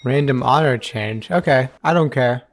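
A man giving excitable let's play commentary, laughing and exclaiming often as he plays. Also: medium pitch, moderate pace, slight background noise. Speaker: gaming YouTuber.

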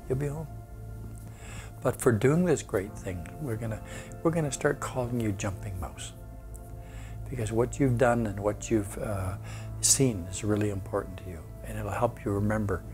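A man voicing a calm, wise frog mentor in a spoken folk tale, talking slowly and gently. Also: on the low side, natural voice. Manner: slow, gentle and reassuring.

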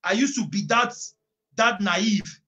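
A man preaching at an online prayer meeting, reading scripture emphatically, repeating phrases and bursting into drawn-out shouts. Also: high voice, dull audio.

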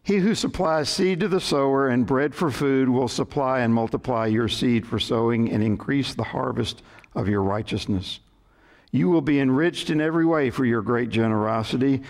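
Pastor reading scripture and telling jokes. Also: male voice, mid-range voice. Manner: measured reading, lifts voice for joke characters. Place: church sanctuary.

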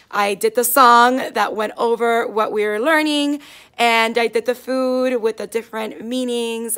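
Raspy-voiced upbeat woman teacher vlogging. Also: a little high, fairly bright tone. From South Florida. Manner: upbeat, explanatory, walking through classroom materials. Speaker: fourth grade teacher. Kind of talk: casual teacher vlog.

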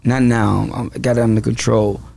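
A man's voice: mid-range voice, level tone, fairly quick, gravelly, mellow. A man who is an actor and comedian, telling stories as a guest in a casual interview with a dramatic, self-aware manner.

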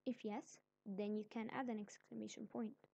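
A woman's voice: mid-range voice, fairly even intonation, moderate pace, creaky, dark tone, dry recording. A woman teaching a grammar lesson, explaining patiently step by step. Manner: patient, explains step by step, then acts out example sentences.

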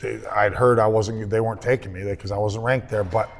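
A man's voice: fairly low pitch, brisk, slight background noise. Emotional man telling stories. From Canada. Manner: emotional, lively storyteller. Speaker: guest, hockey analyst. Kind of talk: storytelling interview.

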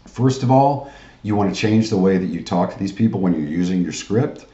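Low dark-voiced man giving a sales training. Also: animated, fairly quick, roomy sound, highs cut off. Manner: pushy salesman pep talk, frequent "guys" and "right?". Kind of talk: online training lecture.

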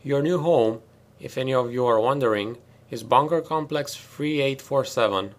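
Audiobook: man voicing a tough, sardonic female lieutenant, clipped, loud, commanding. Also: mid-range voice, normal speed, close to an everyday voice. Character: stern hard-edged female marine lieutenant. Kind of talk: audiobook character reading.

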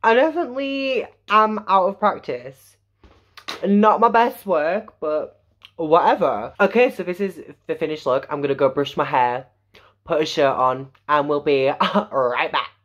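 A man's voice: unhurried, a bit bright, dull audio. A young man from Yorkshire with a Yorkshire accent, chatting casually and going off on tangents in a home makeup vlog. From Yorkshire, England. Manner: chatty and tangential, with sudden high exclamations. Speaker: vlogger. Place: home bedroom.

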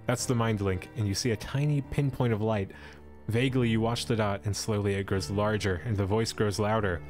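A man's voice: fairly low pitch, steady tone, brisk, darkish tone, faint music behind. Man reading a storybook aloud on stream. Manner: playful asides and laughs between narration.

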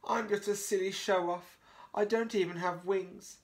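A man voicing a show-off young male dog in a picture book, who brags loudly and later whimpers apologies in a raised voice. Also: takes it slowly, natural voice. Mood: tearful. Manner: bragging, then high and tearful.

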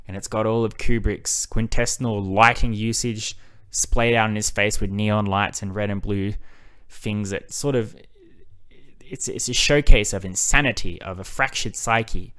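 A man hosts a film analysis video, casual and enthusiastic, and he swears now and then. His voice sits a little low. His tone is smooth and resonant. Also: a bit bright.

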